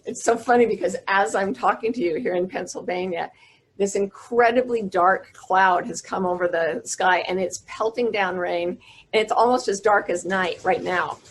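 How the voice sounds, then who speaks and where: Gravelly-voiced woman telling a personal story. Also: mid-range voice. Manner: earnest, intimate storyteller who slows down for emotional moments. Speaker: wisdom teacher giving a talk. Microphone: video call.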